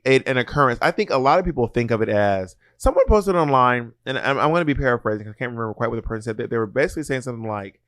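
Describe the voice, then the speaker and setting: A man's voice: medium pitch, fairly bright tone, dry recording, clean studio sound. A man co-hosting a podcast in casual chat, frank and talkative, often restarting and drawing out his thoughts. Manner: chatty, frank, prone to restarts and slowing mid-thought. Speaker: podcast co-host.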